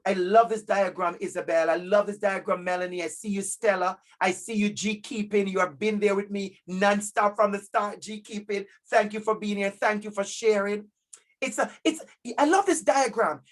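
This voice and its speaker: This keynote speaker at a parent conference is a man with a Jamaican accent and a high voice, talking at normal speed. He leads a lively workshop for parents over video call, stressing key words through repetition and addressing audience members by name.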